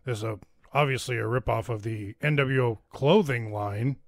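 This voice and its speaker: A relaxed man chimes in as a podcast co-host during a casual chat reviewing old wrestling. His voice is mid-range at a normal speed, recorded dry with clean studio sound.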